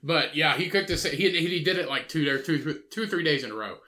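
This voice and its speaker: A man co-hosting a casual podcast, telling crude, animated stories. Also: fairly high pitch, brisk. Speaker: podcast co-host.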